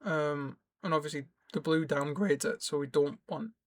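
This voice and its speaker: A young man, his voice sitting a little high, talks his way through a gameplay tutorial. He rambles and restarts sentences as he explains each step, while keys clack faintly in the background. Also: moderate pace. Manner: rambling, self-correcting, explains as he plays. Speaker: gaming YouTuber. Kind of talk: casual gameplay tutorial commentary.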